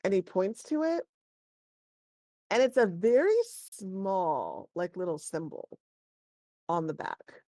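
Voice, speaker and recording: A woman's voice: on the low side, very animated, unhurried, warm tone, no room sound, clean studio sound. A woman narrating as game master in a tabletop game, chatty and digressive, often correcting herself.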